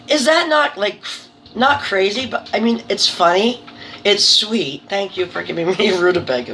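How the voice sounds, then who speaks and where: A woman's voice: medium pitch, animated, normal speed, a bit bright, slight background noise, low-quality recording. A middle-aged woman talking casually to camera at home, telling exasperated stories and breaking into laughing disbelief. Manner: chatty, exasperated storytelling that tips into laughing disbelief. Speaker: vlogger running a small home business. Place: her living room at home.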